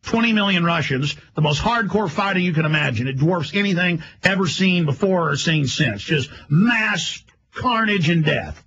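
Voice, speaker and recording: A man hosting a radio show, delivering a rapid, emphatic, rambling monologue. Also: on the high side, animated, fairly bright tone, breathy edge, lo-fi sound.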